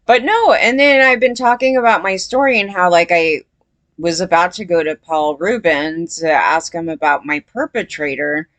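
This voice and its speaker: A woman's voice: on the low side, normal speed, fairly bright tone, no room sound. A woman talking casually to her viewers in a rambling way, full of fillers and restarts, often unsure of herself. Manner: questioning, unsure, often says she doesn't know. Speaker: commentary vlogger. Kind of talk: casual commentary to camera.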